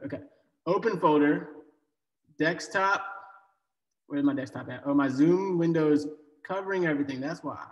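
A male coding bootcamp instructor with a fairly high voice leads a live online class in a loose, joking manner, full of fillers and restarts. His voice rings in an echoey room with a long reverb. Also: muffled recording.

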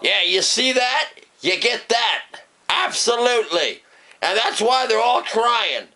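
A man from Canada doing a sarcastic comedy rant as a vlogger, fake sobbing and shouting. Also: extremely high pitch, expressive, slow pace. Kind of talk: mock-grieving comedy rant.

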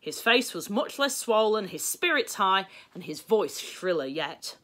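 A woman with a Northern English accent reading a children's storybook aloud, lively and expressive. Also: medium pitch, unhurried.

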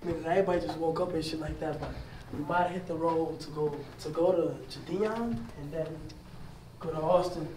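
A young man with a high voice vlogs on the move, hyped and joking with friends. The sound bounces around the room, with loud noise behind him. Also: steady tone, brisk, recorded from a distance. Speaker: streamer vlogging on a trip. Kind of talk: casual travel vlog. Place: hotel rooms and an indoor gym. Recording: roomy echo with loud background noise.

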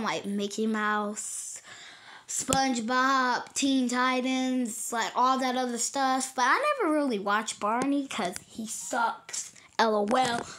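A woman's voice: fairly high pitch, a bit bright, roomy sound, a little hiss or hum. A woman casually retelling a creepy internet story, rambling with lots of "like" and restarts.

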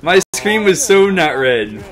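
A young man commentating a game with friends over a headset, excitable, laughing a lot and yelping when he dies. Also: on the high side, a little slow. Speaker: gamer host.

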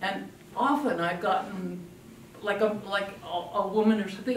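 An older woman speaks to an audience about raising children, telling animated stories and playing out what her kids said. Her voice reaches the mic from a distance in a roomy, echoing space, with faint noise under it. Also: mid-range voice, normal speed. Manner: lively storytelling, acting out quoted family voices. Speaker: parenting speaker. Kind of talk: talk to an audience.

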